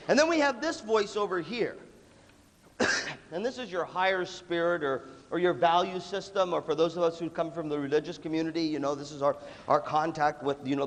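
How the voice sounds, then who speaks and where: A man giving a humorous talk on leadership, telling stories and acting out voices in an animated, jokey way. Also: on the high side. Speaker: leadership speaker. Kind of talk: humorous storytelling talk to an audience. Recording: echoey hall, faint background noise.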